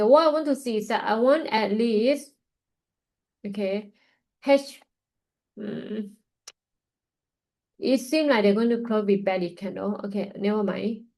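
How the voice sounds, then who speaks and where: A woman hosts a live trading webinar and talks through the charts as she watches them. She sounds tired and yawns through it, with lots of fillers and loose grammar in her English. Her voice sits at a middle pitch. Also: unhurried, long pauses, a little mellow, rough recording. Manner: casual, thinking aloud while watching charts. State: tired, yawning. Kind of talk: live market analysis.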